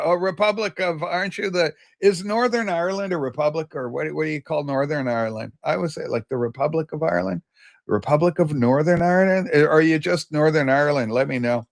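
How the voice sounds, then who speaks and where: A man's voice: a little high, a bit bright. A man hosting a casual livestream, rambling as he reads out and answers viewer comments. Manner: loose and chatty, with many fillers and restarts. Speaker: livestream host.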